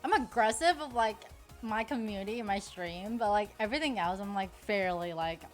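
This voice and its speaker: A woman's voice: mid-range voice, fairly quick, faint music behind. A young woman streamer chatting casually while playing online poker, rambling, swearing freely and laughing often.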